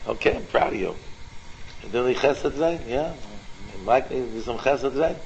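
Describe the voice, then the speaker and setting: A man teaching an informal Torah class, animated and repetitive, firing questions at his students by name. His voice sits at a middle pitch. The recording is dull and lo-fi. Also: normal speed, vocal fry.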